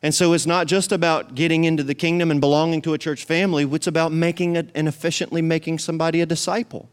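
A man's voice: fairly high pitch, steady tone, quick pace, smooth. A male pastor, preaching a sermon in a church. He repeats phrases for emphasis and calls the congregation to respond. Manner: preaching with rising emphasis and repetition. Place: church sanctuary.

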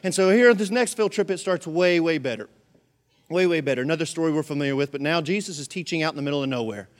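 A male pastor preaching a sermon with humorous, animated storytelling. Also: on the high side, fast.

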